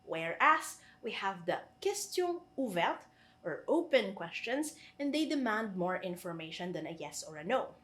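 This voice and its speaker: A woman's voice: medium pitch, big pitch swings, normal speed, fairly bright tone. A woman with a Filipino accent teaching a French grammar lesson, patiently repeating each French phrase and translating it. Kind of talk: online language lesson.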